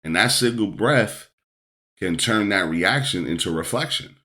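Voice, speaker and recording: A middle-aged man speaks in a very deep, low voice as he coaches his podcast listeners. He talks emphatically and repeats his key points, often tagging his sentences with a questioning "right?". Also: lively intonation, unhurried, sharp tone. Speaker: life coach and podcast host. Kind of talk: motivational podcast monologue.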